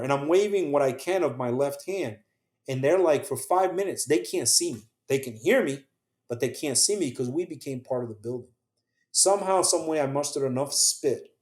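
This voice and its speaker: Man telling his story in an echoey room. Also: mid-range voice. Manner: earnest, acts out quoted voices, drops soft at painful moments. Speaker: podcast guest, survivor telling his story. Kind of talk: emotional first-person storytelling.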